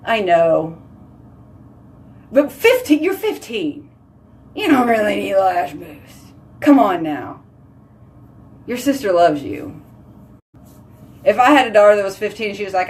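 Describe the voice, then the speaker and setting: A woman's voice: mid-range voice, big pitch swings, moderate pace, pauses often, a little mellow. A chatty woman, hosting a casual live stream and talking with her viewers. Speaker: livestream host.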